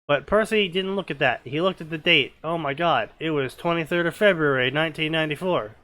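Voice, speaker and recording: Young guy reading fanfic out loud, kinda high voice, sarcastic and mocking. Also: a little fast, no echo. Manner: sarcastic, mocking, breaks into laughter. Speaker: fanfiction reader and commentator. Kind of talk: comedic dramatic reading with commentary.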